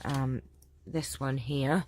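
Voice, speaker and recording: Hoarse woman chatting. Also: extremely low pitch, very slow, a little mellow, slight background noise. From England. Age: adult, about to marry. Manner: rambling, many ums and throat-clearing. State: hoarse, sore throat. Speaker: crafting channel host. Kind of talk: casual chatty vlog Q&A.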